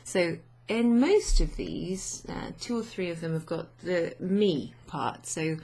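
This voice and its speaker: Woman teacher, slow and unhurried, husky low voice, many fillers, patient grammar explanation. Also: very animated, mellow. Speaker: language teacher.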